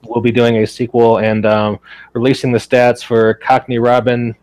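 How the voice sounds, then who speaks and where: A man's voice: medium pitch, completely flat delivery, normal speed, darkish tone, smooth. A man in his forties hosting a podcast in casual chat, rambling with lots of fillers and easy laughs. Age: 40s. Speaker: podcast host.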